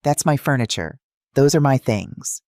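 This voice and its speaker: A narrator voicing a distraught young woman whose pleas come out high and urgent. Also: expressive, a little slow, darkish tone, no room sound, studio quality. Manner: pleading, rising and urgent. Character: distraught young woman locked out of her home.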